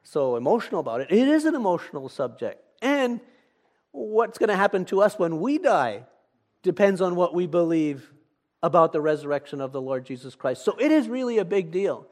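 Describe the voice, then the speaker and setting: A man's voice: high-pitched, big pitch swings, moderate pace. Earnest man preaching through a story. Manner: earnest, storytelling, acts out both sides of dialogue. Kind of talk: sermon with retold conversations.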